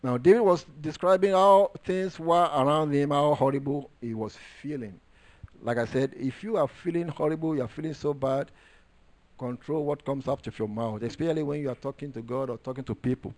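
A man's voice: on the high side, brisk, a little mellow. A man preaching a sermon, emphatic and repetitive, stressing key phrases as he works through scripture. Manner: repeats phrases while working through scripture.

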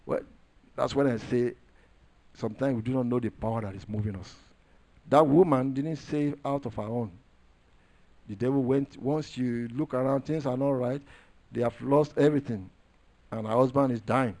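A man's voice: mid-range voice, moderate pace, pauses often, a little mellow. A man preaching a sermon, emphatic and repetitive, stressing key phrases as he works through scripture. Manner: repeats phrases while working through scripture.

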